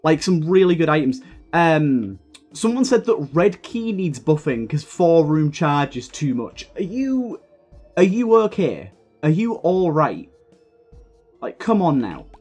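A man's voice: on the high side, animated, measured pace, darkish tone, soft background music. A young man giving live gameplay commentary, ranting heatedly and swearing often as he plays. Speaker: gaming video creator.

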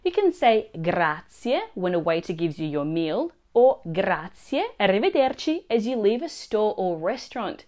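A woman teaching a language lesson, explaining phrases and their pronunciation clearly and slowly. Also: mid-range voice, big pitch swings, darkish tone. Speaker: Italian teacher.

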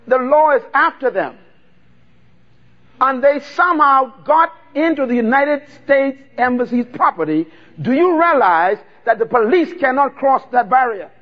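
High-voiced man preaching. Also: highs cut off. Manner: call-and-response preaching, drawn-out emphatic words. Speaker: pastor. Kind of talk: sermon.

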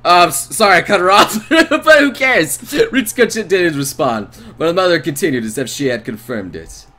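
Excitable, lively-voiced male streamer. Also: high-pitched, moderate pace. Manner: excitable, crude, laughing reactions. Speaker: game streamer. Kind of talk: reading and reacting to a visual novel.

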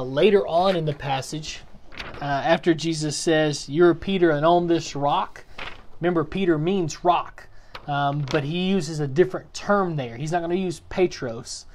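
A man teaching a Bible class in a relaxed, explanatory way, with plenty of fillers and restarts. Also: a little high, a little hiss or hum. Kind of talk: casual teaching talk. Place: church classroom.

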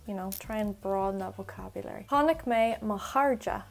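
A woman tutor teaching phrases in a casual spoken lesson, explaining quickly in a chatty way and repeating examples slowly. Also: mid-range voice, creaky. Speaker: Irish language tutor.

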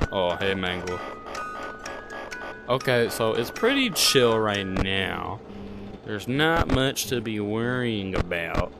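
A young man giving jokey commentary while playing a horror game, talking to the characters and yelping when startled. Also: medium pitch. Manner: jokey, talks to the game characters, jumpy yelps. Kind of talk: casual let's-play commentary. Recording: music playing behind the voice.

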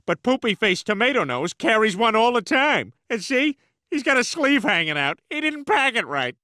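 A man voicing an eager, excitable male would-be TV writer in an animated comedy, pitching hard. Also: normal speed, dry recording, clean studio sound, exaggerated voice.

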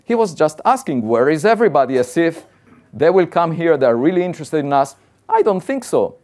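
A man's voice: on the high side, big pitch swings, moderate pace, a little mellow. A man, an astrophysicist, giving a conversational public science talk and building his arguments point by point in a plain-spoken, insistent way.

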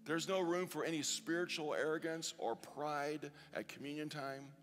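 A man as pastor giving a sermon and a communion prayer, earnest, slowing down to stress each quoted verse. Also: a little high, fairly even intonation. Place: church sanctuary. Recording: long church reverb with soft music.

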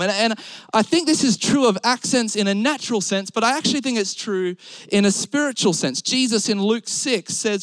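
A man's voice: high-pitched, clear, resonant tone, no room sound. A young Australian man preaching a sermon, mixing humorous stories with Bible quotes. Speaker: pastor.

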